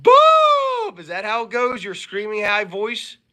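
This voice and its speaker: A young man co-hosting a casual podcast, animated and doing impressions. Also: high voice, normal speed. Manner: animated, does voices and shouts. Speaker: podcast co-host. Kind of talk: casual chat.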